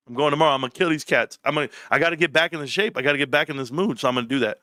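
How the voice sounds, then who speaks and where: A man's voice: rapid-fire, clean tone, dry recording, studio quality. A middle-aged man hosting a casual livestream, telling stories and acting out quotes with laughs and lots of "bro". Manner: animated storyteller, acts out quotes with big pitch jumps; laughs often, says bro a lot. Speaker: livestream host.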